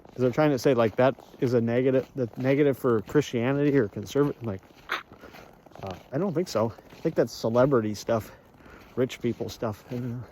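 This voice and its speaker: A man's voice: mid-range voice, brisk, mellow, a little hiss or hum. A man vlogging on a walk outdoors, rambling and joking with lots of fillers. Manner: chatty, jokey, rambling with many fillers. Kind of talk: rambling walk-and-talk monologue. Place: outdoors on a walk, rural area.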